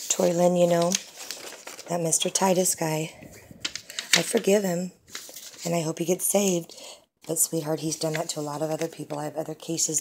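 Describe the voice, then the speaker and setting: A woman with a low, gravelly voice records a personal message to her estranged daughter. She sounds tender and pleading, keeps calling her pet names, and drifts from one thought to the next. A faint hiss sits under the recording. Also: a little mellow. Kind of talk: emotional personal video message.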